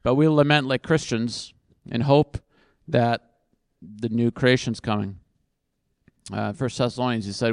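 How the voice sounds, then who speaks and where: A man's voice: mid-range voice, fairly even intonation, a little slow, no echo, clean studio sound. A man speaking at a conference and answering audience questions off the cuff, thinking aloud in a casual, self-deprecating way.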